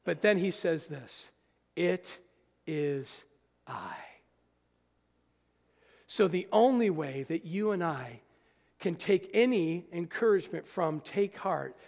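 A man preaching a sermon to his congregation, emphatic, swinging between hushed and loud, speaking to them directly. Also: high-pitched, expressive, unhurried, creaky. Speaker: pastor. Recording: long reverb of a large hall.

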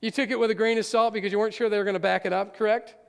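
A man preaching a sermon to his congregation, emphatic, swinging between hushed and loud, speaking to them directly. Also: sits high, fairly even intonation, very fast, creaky, clean tone. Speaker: pastor. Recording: long reverb of a large hall.

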